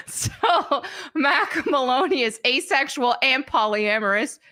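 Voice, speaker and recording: A woman's voice: high voice, lively intonation, takes it slowly, pushed and bright. A woman hosting a live stream in a casual chat, giggling often and mocking what she reads.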